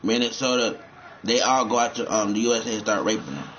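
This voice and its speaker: A man's voice: on the low side, fast, a bit bright. Male gamer, loose profane rambling commentary, dull lo-fi sound, faint room hum. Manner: rambling, profane, repeats himself.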